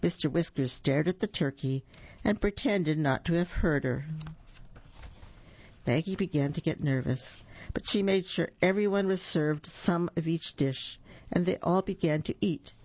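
A storyteller reads a children's story aloud with a gravelly, creaky voice, adding little asides for young listeners. The recording is dull and lo-fi, in a dry room with no echo. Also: medium pitch, measured pace, darkish tone.

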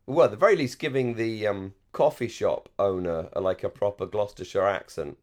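Posh rp english guy, lowish voice, chatty and excited, lots of um and restarts. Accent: received pronunciation English. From England, Surrey-Hampshire border. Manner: chatty, enthusiastic, frequent restarts and fillers, quick to laugh. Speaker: podcast co-host. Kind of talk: casual chat.

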